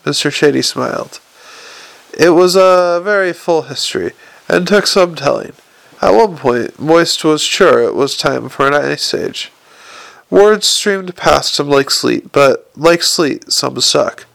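A man narrating an audiobook with a dry, wry delivery. His voice is slightly high with a gravelly texture, recorded close in a dead, dry booth. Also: slow, fairly bright tone, no room sound, poor audio.

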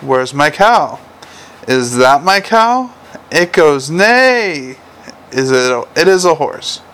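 Man playing a tired watchman dad reading a baby's picture book, sing-song and raised in pitch, hamming the animal noises. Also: big pitch swings, slow pace, a bit bright, clear, resonant tone, heavily acted. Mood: playful. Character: weary city watchman father reading a picture book to his baby.

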